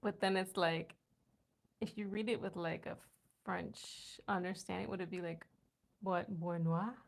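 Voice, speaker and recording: In a lowish voice with vocal fry, this American livestream host speaks at a measured pace with fairly even intonation. It's a casual night-time stream from home, where she chats with viewers, tries out foreign words, and laughs often.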